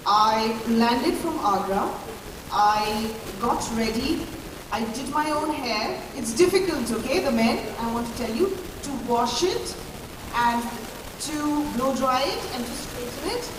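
A woman chatting as a panel guest, rushed and self-mocking. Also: high-pitched, expressive. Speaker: panel guest at a product launch. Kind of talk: casual panel chat. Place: large echoey event hall. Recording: echoey hall, far-off mic, background noise.

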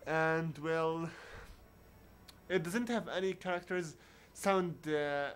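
A man giving casual commentary on a video game playthrough, talking haltingly with many restarts and searching for words. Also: on the high side. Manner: reads on-screen dialogue aloud in his own voice. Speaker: video game let's player.

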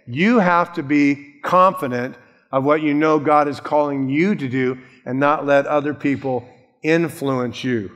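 A man, a pastor, preaching a sermon in a conversational, animated way that acts out the people he quotes. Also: on the high side. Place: church sanctuary. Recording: long reverb of a church hall.

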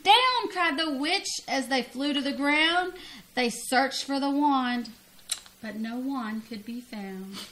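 A woman's voice: high voice, slow pace, a little hiss or hum. A grandmother reading a children's storybook aloud expressively, laughing and leaping up on the cries. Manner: expressive, laughing, big vocal jumps on cries.

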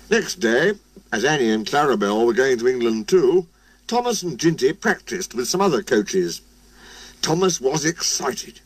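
A man reading a children's storybook aloud in a plain, steady way. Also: mid-range voice, moderate pace, no echo. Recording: music playing behind.

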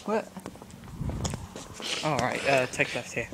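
A man's voice: mid-range voice, slow pace. A young man with an English accent, chatting casually in a vlog while walking outdoors and holding the camera. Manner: chatty, animated storytelling with laughs. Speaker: vlogger. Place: outdoors on a street. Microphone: handheld camera at arm's length. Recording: noisy outdoor phone camera audio.

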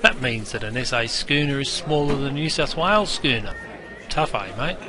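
A man's voice: mid-range voice, lively intonation, moderate pace, music in the background, natural voice. An Australian-accented man playing a brash, chummy pub barman who talks in slangy, matey banter. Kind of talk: scripted character narration.

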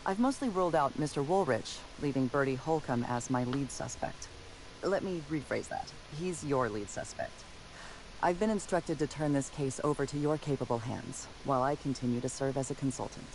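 An actor voicing a formal, dry-witted detective robot in a video game, speaking with precise deadpan delivery. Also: male voice, medium pitch, normal speed, faint music behind, close to an everyday voice, rough recording.

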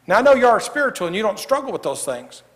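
Animated preacher in an echoing church. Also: male voice, high voice, fast. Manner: lively, jokey, swings from loud to hushed. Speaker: pastor. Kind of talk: sermon. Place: church sanctuary. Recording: echoey church hall.

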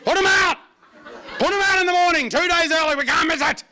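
A man voicing a panicky old male neighbour who frets over putting the bins out, shrill and frantic. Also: completely flat delivery, slow pace, pushed and bright, a faint crowd, heavily acted.

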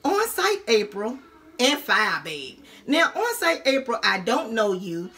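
Sassy high-voiced woman roasting on camera. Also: sharp tone. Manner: sassy, taunting, drawn-out "honey" and "girl". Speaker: YouTube vlogger.

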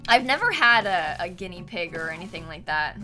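With a fairly low pitch, big pitch swings and a bright, forceful tone, a young woman talks briskly to her viewers while streaming a game over background music. She's chatty and giggly in casual live-stream fashion and talks to her cat in a sing-song voice.

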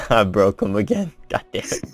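A man's voice: fairly low pitch, no room sound. A young man chatting with a friend while gaming, telling stories animatedly and laughing often. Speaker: gaming streamer. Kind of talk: casual chat while gaming.

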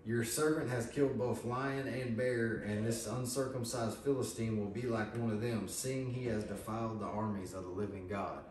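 A man's voice: on the low side, fairly even intonation, moderate pace, hardly any pauses, darkish tone, roomy sound, far from the mic. A man, preaching a sermon in a folksy, conversational way. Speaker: pastor. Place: church sanctuary.

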